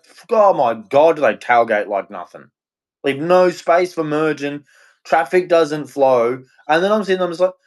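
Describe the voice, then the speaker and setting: A man hosting a livestream, ranting in a rambling, frustrated and heartfelt way. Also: fairly high pitch. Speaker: livestream host. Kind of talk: casual ranting monologue.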